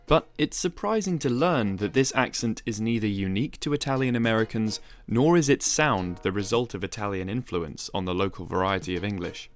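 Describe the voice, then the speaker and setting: A man giving a measured, explanatory, scripted narration for a video essay. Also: fairly low pitch, lively intonation, faint music behind.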